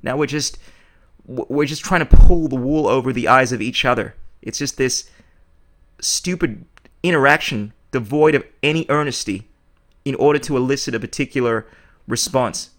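A man's voice: medium pitch, normal speed, a bit bright. A man hosting a podcast, delivering a blunt, opinionated monologue full of swearing. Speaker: podcast host.

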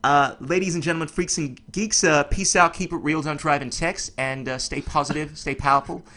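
A man's voice: fairly high pitch, steady tone, fairly quick, bright, forceful tone. A man hosting a podcast interview, joking around, laughing often and calling his guest brother. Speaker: podcast host. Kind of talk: casual interview chat.

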